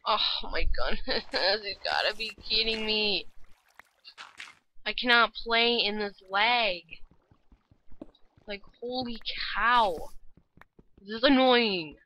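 A woman's voice: mid-range voice, slow pace, pauses often, pushed and bright, a little hiss or hum, rough recording. A woman giving rambling, frustrated let's-play commentary, full of "like" and "holy cow". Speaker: gamer.

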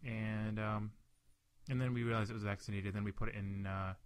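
A man's voice: lowish voice, steady tone, normal speed, clear, resonant tone, dry recording. A young man hosting a casual podcast chat, telling a profane story full of restarts and fillers. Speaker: podcast host.

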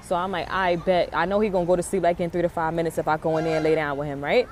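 A mother telling a story in a casual, animated way, full of swearing and drama. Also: lowish voice, very fast, slight background noise.

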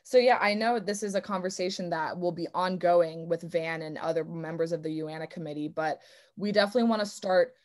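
A young adult woman, a swimmer speaking at an online convention, talking casually and earnestly with many fillers. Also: lowish voice.

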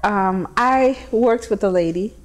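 A mother of a young patient tells her story in a chatty, casual manner, full of fillers and quoted dialogue. Her voice is mid-range and unhurried, with background noise audible.

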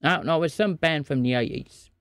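A man's voice: a little high, quick pace, a bit bright, no echo, studio quality. A man live-streaming a scambaiting call, teasing and playing mock-innocent. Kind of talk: live scam-call banter.

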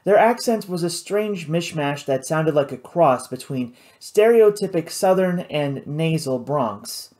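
Reading a novel aloud, an audiobook narrator takes a measured, descriptive storytelling approach. The voice is medium in pitch, expressive and a little mellow.

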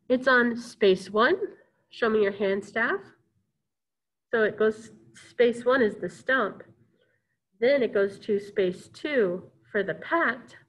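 A woman music teacher leads a recorded lesson with an upbeat, chanting delivery. Her voice sits fairly high and she speaks at an unhurried, deliberate pace. She talks to her pupils as if they were there with her. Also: a bit bright, rough recording.

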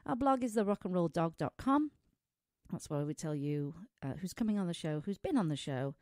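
A woman's voice: on the low side, expressive, a little fast, a little mellow, dry recording, clean studio sound. A middle-aged woman with a foreign accent, hosting a pet radio show in a chatty way and laughing often. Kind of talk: casual radio chat. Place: small studio.

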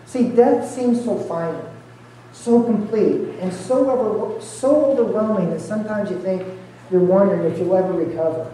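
A man's voice: high-pitched, normal speed, dark tone, recorded from a distance, slight background noise. A man preaching an Easter sermon as pastor, earnestly walking his listeners through scripture verse by verse. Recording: very echoey hall, heard from afar.

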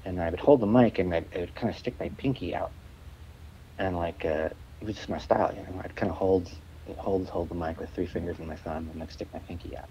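A man's voice: deep voice, fairly even intonation, brisk, mellow, highs cut off, a little hiss or hum. A man guest telling rambling stories in a casual interview, stammering, restarting and swearing freely. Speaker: musician guest.

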